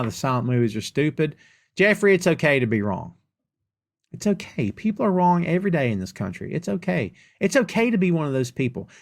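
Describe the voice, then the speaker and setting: Man hosting a casual chat show. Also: on the high side. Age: middle-aged. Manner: reads viewer comments aloud and reacts with playful sarcasm. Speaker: podcast host answering audience questions. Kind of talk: casual live-stream chat.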